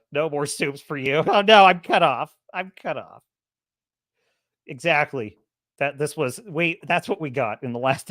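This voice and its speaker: Sarcastic woman ranting with lively pitch. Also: no room sound, clean studio sound. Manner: sarcastic, laughs often, mocking impressions. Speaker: show host. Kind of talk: casual commentary rant.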